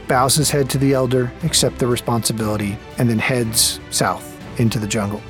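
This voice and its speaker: A man narrating a tabletop game as game master, telling the story in an unhurried, descriptive way. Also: medium pitch, fairly even intonation, soft background music.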